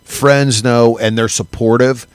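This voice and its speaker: A man co-hosting a podcast in casual chat, animated and halting, with frequent restarts and laughs. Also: medium pitch, clear, resonant tone, no room sound. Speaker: podcast co-host.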